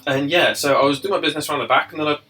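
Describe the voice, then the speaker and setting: A man's voice: a little high, steady tone, racing, sharp tone, poor audio. A man, a barber co-hosting a podcast, telling stories in casual chat, swearing and laughing often.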